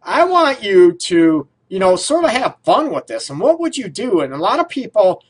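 A man's voice: sits high, very animated, normal speed, slightly rough. Playful chatty man hosting talk radio. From Detroit area. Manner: playful, laughs often, loose rambling questions. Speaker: radio show host, counselor.

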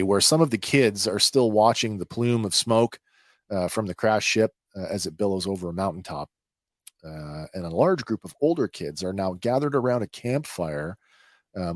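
A man hosting a podcast, recapping a TV episode in a conversational, halting way. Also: lowish voice, dry recording, studio quality. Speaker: podcast host.

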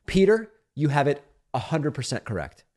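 A man's voice: a little high, big pitch swings, normal speed, a little mellow. Argentine-born man hosting a political show. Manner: conversational, emphatic, playfully defensive. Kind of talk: reading and answering listener mail.

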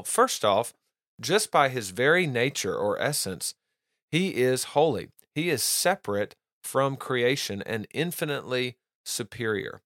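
A man's voice: medium pitch, fairly bright tone, dry recording, clean studio sound. A man hosting a podcast, teaching doctrine in an earnest, casual monologue, often restarting and repeating words and reading quotes aloud.

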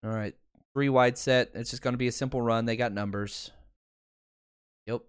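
A man hosting a podcast, talking excitedly through game film and addressing his viewers. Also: mid-range voice, normal speed, clear, resonant tone, no echo, clean studio sound. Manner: excitable, swears, talks to viewers. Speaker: podcast host. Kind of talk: film breakdown commentary.

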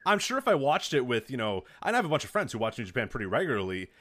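A man's voice: mid-range voice, racing. A man co-hosting a casual podcast, telling stories with lots of laughs and acted-out reactions. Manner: animated storytelling, laughs often, acts out his reactions. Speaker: podcast co-host. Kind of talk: casual wrestling podcast chat.

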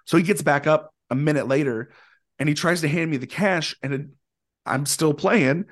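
A man telling a long story in a casual, animated way, with plenty of fillers and acted-out quotes. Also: fairly high pitch, moderate pace. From Indianapolis area, USA. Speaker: guest musician.

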